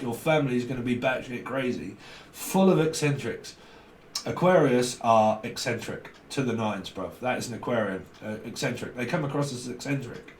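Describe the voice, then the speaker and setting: A man's voice: mid-range voice, moderate pace. A British man giving a rambling, casual tarot reading, joking and laughing often, slipping into slang. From Britain. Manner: chatty, jokey, laughs often, slips into slang and mock voices. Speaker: tarot reader. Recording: echoey room, distant mic, faint noise.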